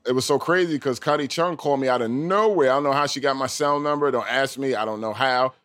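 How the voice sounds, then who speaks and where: A man, an armored car guard, telling his story in an animated way and acting out what people said. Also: medium pitch, fast. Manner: animated, acts out quotes. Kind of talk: storytelling interview.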